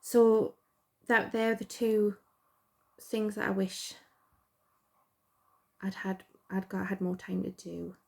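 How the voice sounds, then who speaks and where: A woman's voice: mid-range voice, steady tone, slow pace, vocal fry, pauses often, a little mellow. A middle-aged woman with a Geordie accent, chatting casually and rambling as host, self-deprecating and full of fillers. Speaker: podcast host. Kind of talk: casual chat.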